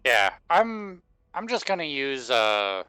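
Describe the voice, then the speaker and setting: Bright crisp voiced guy umming through his turn in d&d, dry sound. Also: medium pitch, big pitch swings, slow pace, dry recording, rough recording. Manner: hesitant, thinks aloud with many fillers. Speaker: player. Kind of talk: playing a tabletop game.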